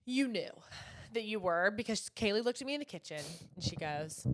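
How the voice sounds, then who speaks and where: A young woman, co-hosting a podcast and telling a story in animated, chatty fashion, acting out the dialogue. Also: mid-range voice, brisk. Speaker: podcast co-host. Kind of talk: casual chat.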